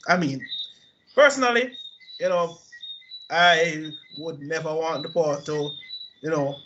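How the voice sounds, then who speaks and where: High-voiced man, animated and laughing. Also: measured pace. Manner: animated, laughing, profane storytelling. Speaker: podcast co-host. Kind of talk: casual chat. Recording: dull lo-fi audio with faint noise.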